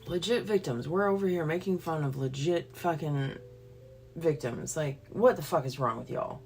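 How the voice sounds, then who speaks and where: Woman livestreaming, fiery profane ranter with a lowish voice; faint music underneath. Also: moderate pace, darkish tone. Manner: blunt, profane and fired up. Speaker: livestream host. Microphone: phone or computer livestream.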